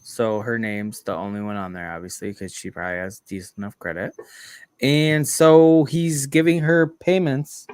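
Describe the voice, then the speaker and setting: A man's voice: on the low side, fairly even intonation, normal speed, a little mellow, clear, resonant tone, no echo. A man co-hosting a podcast, reasoning through a story in casual talk and playing devil's advocate. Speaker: podcast co-host. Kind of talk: casual conversation.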